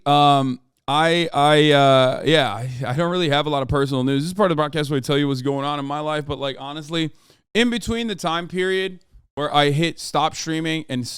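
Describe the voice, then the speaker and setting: A man's voice: fairly high pitch, fairly bright tone, smooth, no room sound, studio quality. A young man, a streamer, chatting casually on a live stream in a rambling, self-correcting way.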